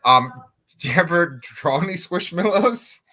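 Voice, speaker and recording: A man with a bright, forward voice hosts a laid-back family video. He chats warmly with his young daughter, asking easy questions and encouraging her. His delivery stays relaxed and conversational. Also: a little high, a little slow. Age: adult. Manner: chatty, encouraging, asks questions. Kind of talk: casual family chat.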